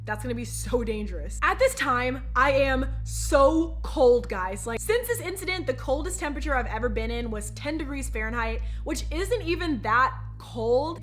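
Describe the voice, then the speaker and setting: A young woman with a high, bright voice tells a story to her camera. She is chatty and animated and keeps turning to her viewers. It sounds like a casual vlog. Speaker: vlogger.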